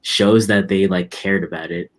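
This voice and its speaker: A young man in his twenties, a musician guest in a casual interview, talking in a relaxed, rambling way with lots of fillers. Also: low voice, moderate pace.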